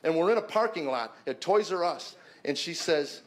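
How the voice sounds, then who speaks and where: A man's voice: fairly high pitch, lively intonation, normal speed. A middle-aged man, a comedian, earnestly telling a personal story to an audience in a conversational way, often restarting and repeating words. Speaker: comedian giving a personal testimony.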